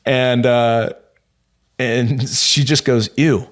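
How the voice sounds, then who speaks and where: A man in his thirties telling a long personal story as a podcast guest, rambling and animated, with many fillers and restarts. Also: medium pitch, extremely slow. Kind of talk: casual storytelling.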